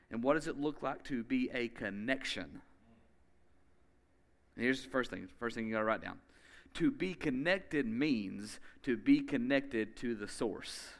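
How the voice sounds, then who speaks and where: A man preaching a sermon as pastor, emphatic and energetic, speeding up in bursts and slowly repeating key phrases. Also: mid-range voice. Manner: energetic, with quick bursts of speech.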